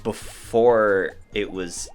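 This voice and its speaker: A man's voice: fairly low pitch, fairly even intonation, very slow, smooth. A man co-hosting a let's play, bantering in a joking, laid-back way. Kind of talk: casual gaming chat. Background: faint game music.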